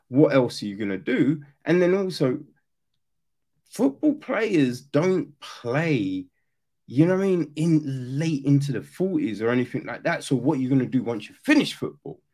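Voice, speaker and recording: A man giving a casual, animated critique of a film, swearing now and then and acting out quoted lines. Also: mid-range voice. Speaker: reviewer.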